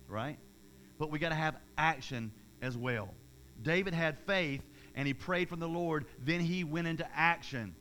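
A man delivers a sermon with energetic emphasis, circling back over phrases and restarting sentences. His voice sits somewhat high for a man. A faint hum runs underneath. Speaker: preacher.

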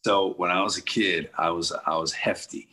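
Deep, husky man telling stories. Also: normal speed. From St. Louis, USA. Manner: lively storyteller who acts out quoted people. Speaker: sports TV host as guest. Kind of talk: casual interview storytelling.

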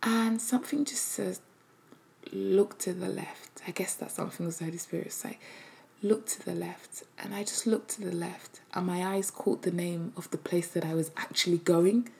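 A woman sharing a personal faith testimony, speaking softly and hesitantly, often slipping into a breathy half-whisper. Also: on the low side, steady tone, brisk, hardly any pauses. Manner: hesitant, with many fillers.

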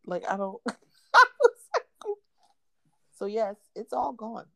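Animated woman telling a story. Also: on the high side, slow, vocal fry, pauses often. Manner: animated storyteller, acts out quotes, laughs often. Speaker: podcast co-host. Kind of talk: casual chat.

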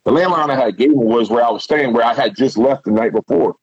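A middle-aged man, a guest and former football player, telling a rambling, animated story in casual talk and swearing freely. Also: mid-range voice, fast talker, no echo, muffled recording.

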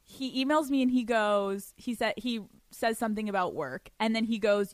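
Young woman podcaster gushing through a story, swears a lot, kinda high voice, dry close sound. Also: normal speed, hardly any pauses, dry recording. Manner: giddy, profane, laughing often. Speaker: podcast host. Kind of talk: casual storytelling monologue.

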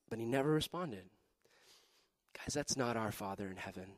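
A young man preaching to a youth group, telling a story with lively acted-out voices and frequent laughter. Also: fairly low pitch, normal speed, no echo. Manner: animated, acts out voices in his story, laughs often. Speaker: pastor.

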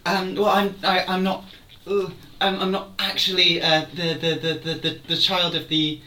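A man's voice: high-pitched, completely flat delivery, moderate pace, sharp tone, reverberant. A man voicing a timid young royal bastard on the run, stammering nervously.

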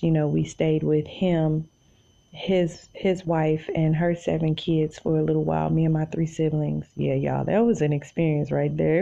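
A woman's voice: low-pitched, vocal fry, warm tone, dull audio. A woman from Tulsa with an Oklahoma accent, chatting casually to her podcast listeners from her bed and calling them y'all. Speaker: podcast host. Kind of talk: casual solo monologue.

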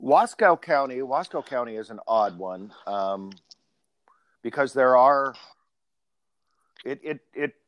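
A man's voice: mid-range voice, lively intonation, slow pace, pauses often, fairly bright tone, no echo. A man hosting a casual conversation, telling long, rambling stories. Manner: rambling anecdotal storyteller.

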